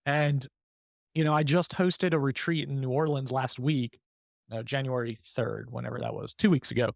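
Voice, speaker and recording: A man's voice: medium pitch, steady tone, moderate pace, vocal fry, no room sound. Candid male podcast host, dry sound. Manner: open, reflective, frank about struggles. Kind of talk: candid conversational podcast talk.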